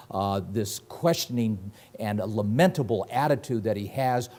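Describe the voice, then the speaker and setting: A man's voice: mid-range voice, warm tone. A middle-aged man teaching verse by verse through a Bible passage, reading scripture aloud with dramatic emphasis and laughing often as he explains it.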